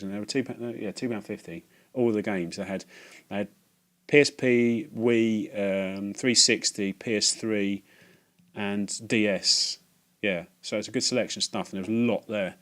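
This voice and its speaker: Man, low voice, rambling halting storytelling, self-mocking, casual vlog. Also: fairly even intonation, a bit bright. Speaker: video game collector vlogger.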